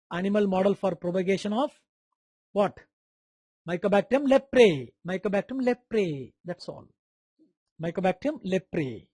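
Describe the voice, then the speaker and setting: Speaking in a high, slightly mellow voice with no room sound, a man with an Indian English accent runs a live online medical lecture. He drills key terms through repetition, calls on students by name with questions, and makes playful sound effects.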